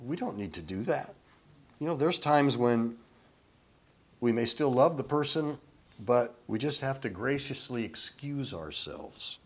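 A man preaching a sermon in a relaxed, conversational way, chuckling often and acting out quoted voices. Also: medium pitch, a little slow, breathy edge. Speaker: pastor.

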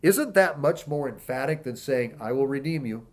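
A man preaching a sermon, reading scripture aloud and slowing down to stress key words, then explaining in a conversational way. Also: mid-range voice, lively intonation.

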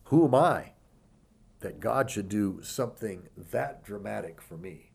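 A man preaching a sermon, reading scripture aloud and slowing down to stress key words, then explaining in a conversational way. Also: medium pitch, animated, gravelly, darkish tone, slightly rough.

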